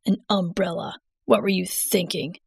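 A smug, eccentric old rain-maker, read by a woman in a storybook tale. He talks gruffly and scolds, pitched a touch below her own voice, and the sound is heavily gravelly with a dry, close, roomless quality. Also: fairly even intonation, moderate pace, no room sound, heavily acted. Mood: scolding. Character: eccentric proud older man who summons floods.

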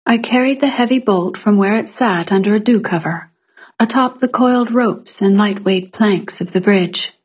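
Woman, breathy voice, mid pitch, calm scripted fiction narration. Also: normal speed.

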